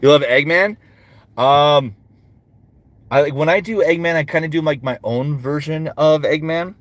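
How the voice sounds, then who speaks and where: Speaking on the high side at a normal speed, a male voice actor answers fan questions in a casual livestream, breaking into character voices between replies. There's no echo.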